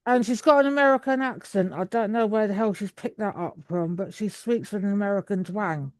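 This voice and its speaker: A woman's voice: medium pitch, brisk, dry recording. A woman in her thirties, chatting over a video call in a rambling way with many restarts. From England. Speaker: guest. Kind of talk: casual video call chat.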